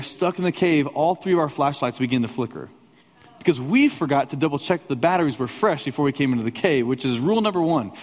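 A male pastor preaching a sermon in a church, telling a personal story in a conversational way with humorous asides. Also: on the high side. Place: church sanctuary with a congregation. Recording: long hall reverb.

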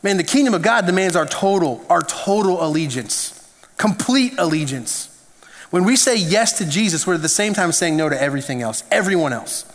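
A man preaching in a loose, storytelling way, repeating words as he builds his point. His voice sits high for a man. A long reverb from the hall trails each phrase. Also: fairly quick. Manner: animated, conversational storytelling with restarts. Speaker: pastor. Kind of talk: sermon.

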